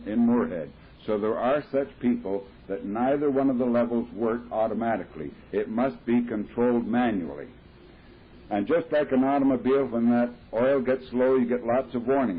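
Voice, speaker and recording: At a recovery meeting, a Midwestern American man tells his personal story in a husky, mid-range voice, speaking plainly and using homely comparisons to explain things. It survives on a tinny 1970s tape.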